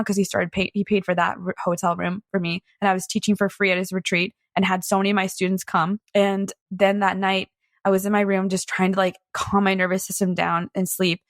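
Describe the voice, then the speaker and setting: A young woman giving a candid personal account, halting often and filling her speech with "like" and restarts. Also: medium pitch, little pitch movement, dry recording, studio quality. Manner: halting, frequent "like" fillers and restarts, emotional recounting. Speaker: guest recounting a personal experience.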